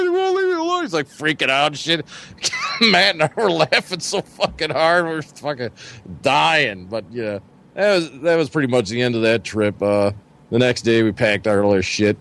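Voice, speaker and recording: Rambling, animated male storyteller. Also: medium pitch. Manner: profane, rambling, acts out friends' voices. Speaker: podcast co-host. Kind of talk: casual storytelling.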